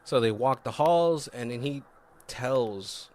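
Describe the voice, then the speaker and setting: A man's voice: medium pitch, slow, darkish tone. A man on a podcast casually recapping a film's plot, rambling with lots of "like" and frequent swearing. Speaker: podcast co-host. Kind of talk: casual movie recap chat.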